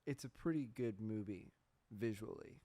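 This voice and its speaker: A man hosting a podcast, talking in a casual, profane, deadpan sarcastic monologue. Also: on the low side, moderate pace. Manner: deadpan sarcastic, profane, says "bro" a lot. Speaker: podcast host.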